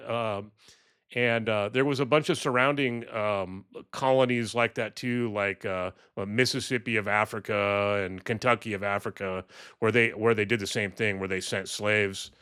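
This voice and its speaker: A man's voice: fairly low pitch, moderate pace, a bit bright, smooth. A man ranting through political commentary on his vlog, mocking and exasperated, swearing and stumbling over frequent ums and restarts.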